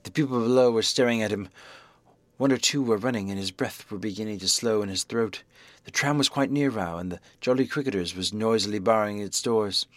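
A man's voice: lowish voice, fairly quick, fairly bright tone, no room sound. Man narrating a tense story, dry sound. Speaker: audiobook narrator. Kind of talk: scripted narration of a classic novel.

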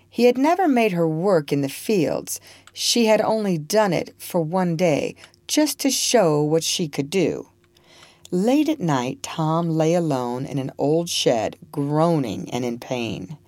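A woman's voice: sits low, sing-song, measured pace, a little mellow, no echo. A woman reading a storybook aloud, acting out the characters with expression. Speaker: narrator.

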